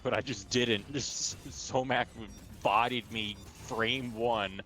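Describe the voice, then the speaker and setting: Male gamer, relaxed and very slow talker, offhand. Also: medium pitch. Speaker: gamer streaming with friends. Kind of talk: casual chat.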